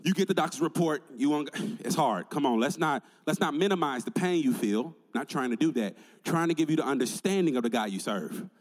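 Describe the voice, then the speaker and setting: A male pastor preaching a sermon with energetic call-and-response to his congregation in a large church sanctuary. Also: a little high, fairly quick, hardly any pauses. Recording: long reverb in a large church hall.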